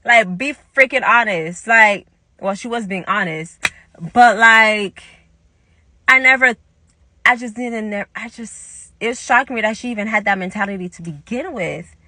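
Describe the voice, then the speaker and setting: A young woman tells a casual story and acts out every quoted line in an animated way. Her voice is bright and forward. The recording is dry and close. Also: medium pitch, measured pace, dry recording. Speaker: vlogger telling a story.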